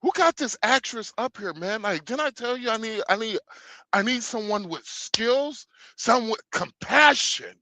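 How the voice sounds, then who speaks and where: A man's voice: extremely high pitch, expressive, normal speed, pushed and bright, no echo, pitched above the performer's own voice, exaggerated voice. A man playing a bossy, impatient film director coaching an actress with mock-serious commands.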